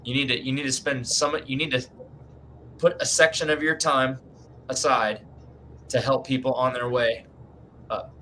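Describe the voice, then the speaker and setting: A man's voice: medium pitch, steady tone, normal speed, long pauses, sharp tone, slight background noise. A man giving writing advice in a casual group video chat, emphatic and folksy, often tagging lines with "man", speaking from his home writing room.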